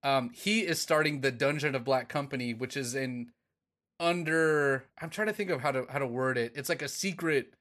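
A man in a loose, unscripted chat, rambling through his points with plenty of swearing and laughter. His voice sits at an ordinary middle pitch. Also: normal speed, fairly bright tone. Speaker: podcast co-host. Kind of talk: casual chat.

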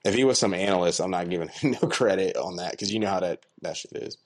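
A man in a casual, argumentative sports debate with a friend, often trailing off quietly. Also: deep voice, fast. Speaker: college football fan.

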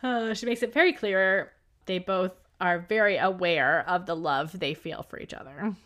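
A woman's voice: lowish voice, moderate pace, a bit bright. Chatty woman recapping a book. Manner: chatty recap, laughs often, says "like" a lot. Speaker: podcast co-host. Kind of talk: casual book discussion.

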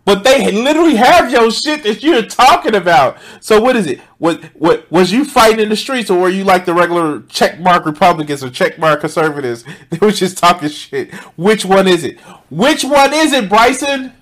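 High-voiced man mocking a video. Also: lively intonation, moderate pace. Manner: swears heavily, laughs often, mocking. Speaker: streamer reacting to a video. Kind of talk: profane live reaction commentary.

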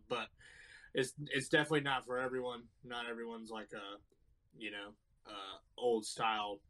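A man co-hosting a podcast, giving relaxed opinions on a wrestling match with lots of fillers. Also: fairly low pitch, poor audio. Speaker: podcast co-host. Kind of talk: casual chat reviewing wrestling.

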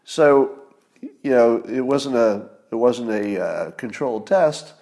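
A man's voice: medium pitch, animated, slow pace, warm tone. A man delivering a casual spoken monologue that turns into an angry, profane rant, full of fillers and restarts. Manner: ranting, profane, escalating. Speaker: commentator.

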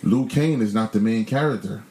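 A man's voice: on the low side, moderate pace, a little mellow, echoey room, rough recording. A man co-hosting a casual chat, ranting bluntly and profanely with a joking edge. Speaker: podcast co-host.

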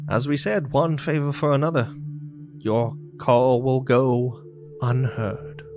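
A man gives voice to a weary, earnest higher power who speaks slowly and gravely. His unhurried, mid-pitched delivery sits over a calm bed of music with a singing bowl. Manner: measured, grave, slow-spoken. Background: ambient music with singing bowl.

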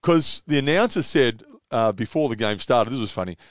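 A middle-aged Australian man tells a long, rambling story full of ums and self-corrections. His voice sits at an ordinary pitch and sounds dry and close to the mic. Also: animated, normal speed, no room sound. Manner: rambling anecdotes with many fillers. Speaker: interview guest, former footballer. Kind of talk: storytelling in casual chat.

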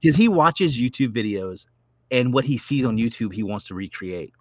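A man's voice: mid-range voice, animated, moderate pace, dry recording. A man co-hosting a casual live show, easygoing and jokey, talking about his young son. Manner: easygoing, joking. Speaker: co-host. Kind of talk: casual chat.

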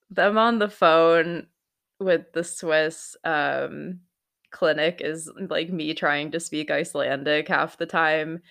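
Low-pitched young woman vlogging, super casual, lots of "like" and little laughs. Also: a bit bright. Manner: chatty, laughs often, says "like" a lot. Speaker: vlogger recapping a TV episode. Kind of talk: casual chat.

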